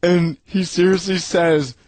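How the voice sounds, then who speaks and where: A man's voice: high-pitched, fairly even intonation, a little slow, darkish tone, no echo. A man hosting a radio show, telling rowdy stories in casual chat and laughing as he imitates his friends.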